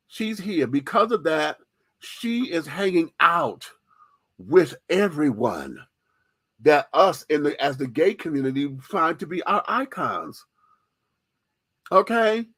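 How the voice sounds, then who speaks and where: A man's voice: a little high, fairly bright tone, no echo. A man hosting a radio show, giving a candid, profane, sassy opinion monologue with lots of emphasis.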